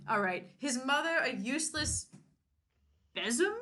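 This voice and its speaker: Woman co-host reading a book out loud and cracking jokes, bright higher voice. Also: unhurried. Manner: animated, laughs often. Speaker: podcast co-host. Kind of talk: reading a novel aloud with banter.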